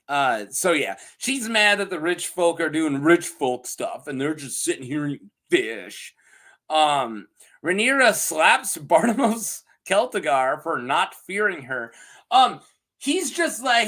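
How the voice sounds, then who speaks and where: A man's voice: on the high side, very animated, slow pace, a bit bright. A man casually recapping a TV episode from a script, joking and laughing often, with lots of ums. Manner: giggly and joking, full of ums and asides. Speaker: TV show reviewer.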